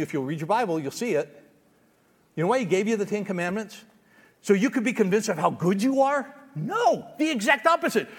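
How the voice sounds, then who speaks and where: A man's voice: high-pitched, a bit bright, big-room sound. A man preaching a sermon as pastor, emphatic and conversational, often restarting his words.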